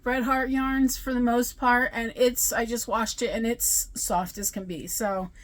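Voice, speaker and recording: A woman's voice: on the high side, steady tone, a little slow. A woman vlogging about crochet in a casual, rambling chat, tired and often correcting herself. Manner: chatty, rambling, self-correcting. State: tired, yawning.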